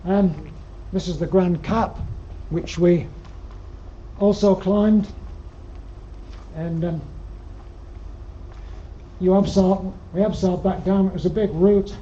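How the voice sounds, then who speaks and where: Guest speaking at an alpine club, an older Yorkshire-accented man rambles through an anecdotal slide-show talk in a lecture room, full of dry humor and frequent ums. For a man, his voice is fairly high, yet mellow and dark. The audio is dull and lo-fi, with faint background noise.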